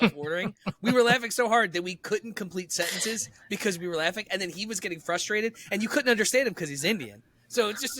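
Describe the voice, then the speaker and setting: A podcast co-host with a fairly high voice tells stories in casual, animated banter, laughing often. There's no room sound on the recording.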